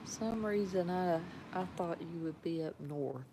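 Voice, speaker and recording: Southern woman, drawl, unhurried, low-pitched, faint room hum behind, casual livestream host. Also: warm tone, low-quality recording. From Georgia, US. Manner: slow, folksy, laughs often. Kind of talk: casual chat with viewers. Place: home at night.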